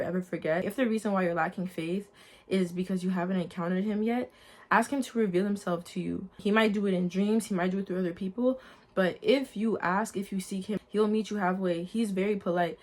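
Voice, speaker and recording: A young adult woman sharing a personal faith testimony in a casual, earnest storytelling way, talking straight to her viewers. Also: lowish voice. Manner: earnest, lively storytelling, addresses viewers as guys.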